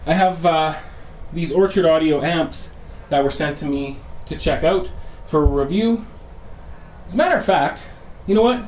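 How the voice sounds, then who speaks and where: A man's voice: a little high, moderate pace, slight background noise. A man hosting a casual home theater vlog, chatting to viewers as "guys" and teasing what comes next, recorded on a camera mic in his home theater room. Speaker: home theater channel host.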